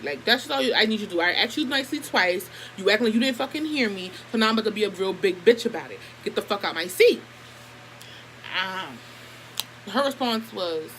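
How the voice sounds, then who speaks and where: A young woman vlogger telling a story in a casual, animated and heavily profane way. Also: medium pitch, normal speed, a little hiss or hum, low-quality recording. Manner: profane, animated, emphatic retelling.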